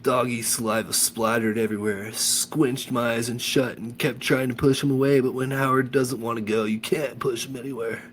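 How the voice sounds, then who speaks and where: A man reading a children's novel aloud with animated enthusiasm, then chatting about the chapter. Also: mid-range voice, moderate pace, few pauses, a little hiss or hum. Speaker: audiobook reader.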